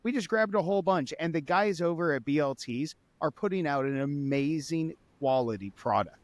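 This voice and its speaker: Laid-back swearing podcast host. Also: male voice, fairly high pitch, expressive, moderate pace, no echo. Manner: laid-back, swears casually, says y'all. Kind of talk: casual podcast chat and sponsor read.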